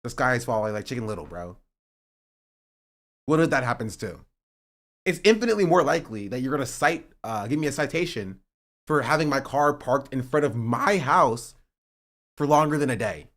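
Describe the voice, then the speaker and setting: A young male streamer talks casually with his audience. His pitch swings widely as he jokes sarcastically. At times he works himself up into a heated rant. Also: normal speed, long pauses. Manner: joking and sarcastic, reading chat aloud; rising to animated ranting. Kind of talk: casual livestream chat.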